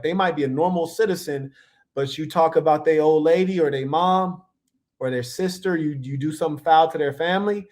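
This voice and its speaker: A man casually reacting to video clips, telling stories in a playful, slangy way. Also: fairly high pitch. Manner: playful, animated storytelling with slang.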